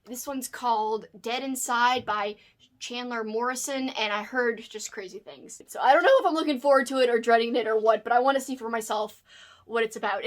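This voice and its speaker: Vlogging from home, a bubbly woman shows off her new books in a slightly high, excited voice, chatting casually to the camera as she unboxes them. She often turns aside to talk to her dog, and the audio comes straight from the camera's built-in mic.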